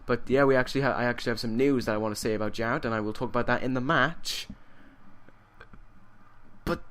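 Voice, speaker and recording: A man commentating a wrestling video game, excitable, shouting and laughing at big moments, with rambling self-correcting asides. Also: medium pitch, quick pace, long pauses, clear, resonant tone.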